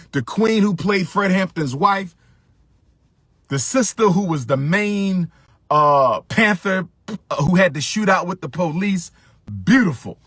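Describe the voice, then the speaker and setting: A man's voice: high-pitched, a bit bright, dry recording, clean studio sound. A middle-aged man giving impassioned commentary, emphatic, repeating his phrases for stress.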